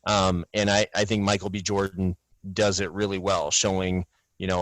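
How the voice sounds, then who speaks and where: A man with a fairly low voice discusses a film in casual podcast talk, recorded dry with no room sound. He recalls scenes one by one and analyzes them. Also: little pitch movement, normal speed, fairly bright tone, no echo, poor audio. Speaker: podcast co-host.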